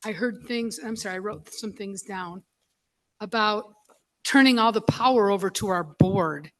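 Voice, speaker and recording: A school board member, a woman, speaking at a public meeting in an emotional, halting way, choked up and apologizing as she goes. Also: medium pitch.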